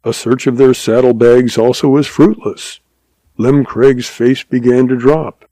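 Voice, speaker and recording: Gravelly male narrator, dry recording. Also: medium pitch, steady tone, unhurried, mellow, no echo. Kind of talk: storytelling audiobook narration.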